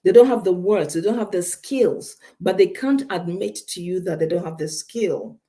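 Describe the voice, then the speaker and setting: Emphatic woman counselor, mellow voice. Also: fairly low pitch, normal speed. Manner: emphatic, repeats key points, direct advice to listeners. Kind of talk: counseling talk on a radio show.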